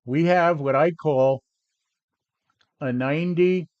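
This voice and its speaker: A man's voice: on the high side, slow pace, highs cut off. A man in his seventies coaching traders on a live stream, brash and combative, answering viewers directly. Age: 70s. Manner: brash, combative, talks back to chat. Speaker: trading coach. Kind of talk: live stream trading talk.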